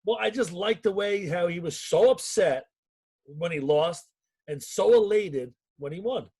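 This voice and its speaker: A man's voice: sits high, measured pace, darkish tone, husky. A man, a youth wrestling coach, recalling past matches in an earnest, reflective way. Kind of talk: casual podcast interview.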